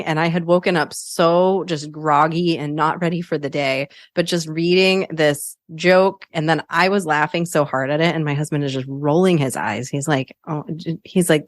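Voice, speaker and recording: A woman's voice: low voice, fairly even intonation, normal speed, few pauses, dry recording, clean studio sound. A woman hosting a solo coaching podcast, chatty and upbeat, laughing often as she talks.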